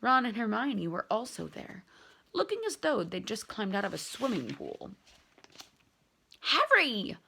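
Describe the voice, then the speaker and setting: A woman reading a novel aloud in an expressive, dramatic storytelling manner. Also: medium pitch, normal speed, vocal fry, slightly rough. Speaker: reader.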